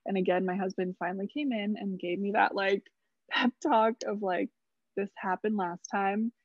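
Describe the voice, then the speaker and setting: A young woman's medium-pitched voice holds a steady tone at normal speed as she tells her birth story as a podcast guest. She's chatty, says "like" a lot and swears casually, and the recording is slightly dull, dry and without echo.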